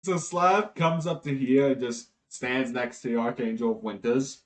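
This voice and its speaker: A man narrating a tabletop game as game master, in a relaxed, chatty way. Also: medium pitch, moderate pace, rough recording.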